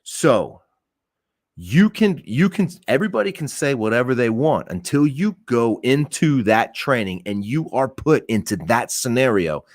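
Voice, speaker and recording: A man's voice: mid-range voice, dry recording, clean studio sound. A man, a police officer, giving his blunt, emphatic opinions on a podcast, swearing and repeating points for stress.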